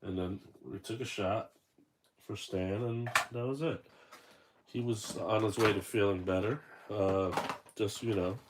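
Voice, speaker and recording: Low-voiced man rambling through an unboxing. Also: steady tone, a little slow, very noisy. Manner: rambling, self-correcting storyteller. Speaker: toy collector unboxing figures. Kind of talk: casual unboxing chat.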